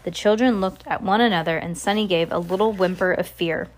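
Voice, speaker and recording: A woman's voice: on the low side, a little fast. Woman casually reading a novel aloud. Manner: casual, with small slips and restarts. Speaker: reader.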